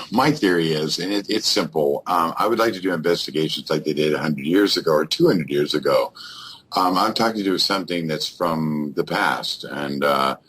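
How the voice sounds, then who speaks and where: A man's voice: rumbling low, a bit bright, slightly rough. A man, a guest on a radio show, telling a rambling ghost-hunting story full of fillers and restarts. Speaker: guest paranormal investigator.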